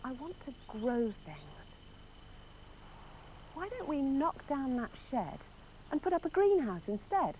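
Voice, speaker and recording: An eager, gushing newcomer to country life. Her high voice swoops with enthusiasm. Noticeable background noise runs under her lines. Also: big pitch swings, measured pace, long pauses, darkish tone, poor audio. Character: enthusiastic young woman newly moved to the country. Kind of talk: scripted language-course drama.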